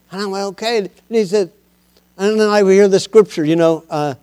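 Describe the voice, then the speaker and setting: A high-voiced man preaching a sermon as pastor. He talks to his congregation in an easy, conversational way, then rises into loud, impassioned exhortation. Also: brisk, smooth.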